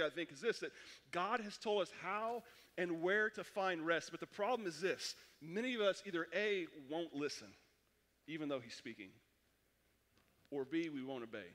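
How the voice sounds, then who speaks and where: A man preaching a sermon as pastor, telling stories in an animated way with quick restarts. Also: on the high side. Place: church sanctuary. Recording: long hall reverb.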